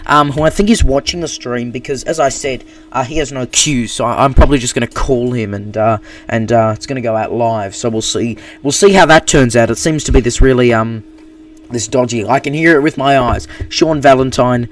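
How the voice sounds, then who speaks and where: Australian male anchor, improvised live-stream news, stop-start delivery, distant mic. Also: mid-range voice. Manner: halting, many fillers and restarts.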